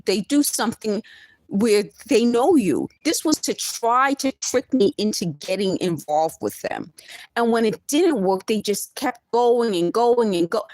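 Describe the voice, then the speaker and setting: A woman's voice: fairly high pitch, darkish tone, no echo. A woman, talking straight to camera in an emphatic, indignant monologue with laughing asides. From the Bronx, New York. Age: 50s. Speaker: vlogger.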